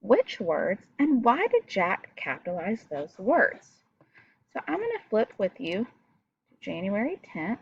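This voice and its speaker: A woman's voice: mid-range voice, huge pitch swings, slow pace, gravelly, breathy edge, dry recording, lo-fi sound. A woman teaching a recorded reading lesson, explaining step by step and talking directly to her pupils.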